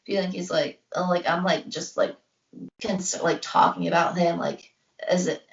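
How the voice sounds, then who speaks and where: A young woman co-hosting a podcast rambles through a personal story in casual chat, saying "like" constantly and acting out what others said. Her voice sits on the low side, gravelly, with little pitch movement and a moderate pace. The sound is roomy, distant and dull, like a lo-fi recording.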